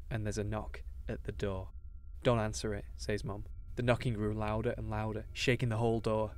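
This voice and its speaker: Man narrating horror. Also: fairly low pitch.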